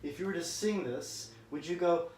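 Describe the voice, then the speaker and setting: A man's voice: a little high, moderate pace. A man teaching viola, coaching a student encouragingly and singing out phrases on "da" syllables. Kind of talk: music lesson coaching. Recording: roomy, mic at a distance, loud viola playing.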